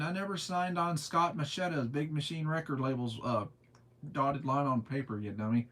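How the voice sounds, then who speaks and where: A man's voice: on the high side, fairly even intonation, normal speed, fairly bright tone. A young man with a Southern US accent, chatting casually on a live stream, laid-back and drawling as he answers chat comments with frequent laughter. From southern United States. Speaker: livestreamer.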